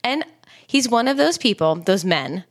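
A woman's voice: on the high side, very animated, a little slow. Chatty woman podcast co-host. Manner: chatty, laughing, swears freely. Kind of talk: casual chat.

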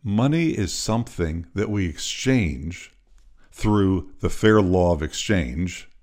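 Brief: low-voiced man telling a story on his podcast, expressive, plays all the parts. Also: slow pace. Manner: animated storyteller, acts out voices. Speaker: podcast host.

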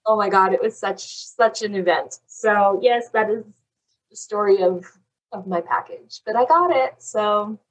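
A young woman casually telling a long story on a chat podcast, animated and saying "like" constantly. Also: mid-range voice, a little slow. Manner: animated, fills talk with "like". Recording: voice a bit far from the mic.

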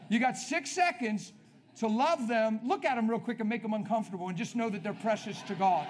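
A man preaching at a healing service in an energetic, conversational way, coaching the congregation with quick questions. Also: sits high, a little hiss or hum. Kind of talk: sermon.

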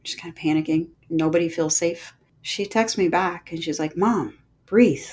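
A middle-aged woman hosting a podcast, speaking slowly and gently with heartfelt encouragement and many pauses. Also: low voice, steady tone. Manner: gentle, slow and unhurried with pauses. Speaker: podcast host and movement coach. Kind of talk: reflective podcast monologue.

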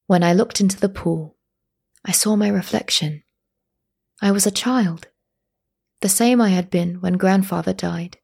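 A woman reading a first-person story aloud as narrator, at a steady, measured pace. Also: on the low side, gravelly, slightly rough.

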